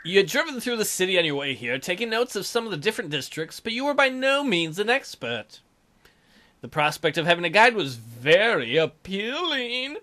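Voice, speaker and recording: A man's voice: sits high, big pitch swings, normal speed, bright, forceful tone. A man hosting a let's play, reading the game's narration aloud and joking between lines. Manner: reads narration aloud with playful asides. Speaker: let's play host reading the game text.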